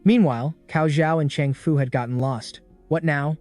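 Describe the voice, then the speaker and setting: A man narrating a story recap in a brisk, dramatic scripted style. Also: mid-range voice, a little mellow. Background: faint background music.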